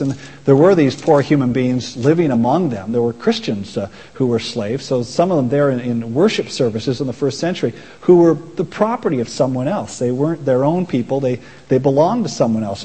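A man's voice: a little high, dark tone, slightly rough. A man preaching a sermon as pastor, earnest and emphatic, quoting voices as he goes. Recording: long reverb of a hall.

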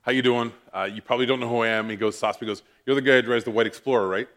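A man preaching, telling a personal story with lively, self-mocking animation. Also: mid-range voice, racing. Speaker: pastor. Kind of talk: sermon storytelling.

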